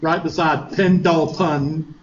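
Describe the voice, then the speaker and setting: A man's voice: on the high side, fairly even intonation, takes it slowly, dull audio, slight background noise. Joking Southern man teaching math. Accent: Southern US, South Carolina. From Upstate South Carolina, US. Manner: chatty, joking, asks rhetorical questions. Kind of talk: classroom lecture with digressions. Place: classroom.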